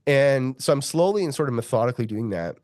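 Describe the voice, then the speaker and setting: He's a middle-aged man with a profane, animated storytelling style who keeps slipping into the voices of the people he quotes. His voice sits at an ordinary pitch, and the recording is dry and close, with no room sound behind it. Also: fast, dry recording. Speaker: mining geologist guest. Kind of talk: storytelling interview.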